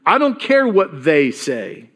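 A man's voice: on the high side, very animated, takes it slowly, fairly bright tone. A man preaching a sermon in a conversational way, reading scripture aloud and acting out the voices in it. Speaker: pastor.

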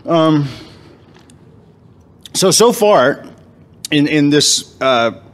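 A man's voice: on the high side, expressive. A man leading a men's Bible study, talking casually with lots of fillers, restarts and wry humor, at times while eating. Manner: halting, many fillers and restarts, self-deprecating humor. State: eating, talking with food in his mouth.

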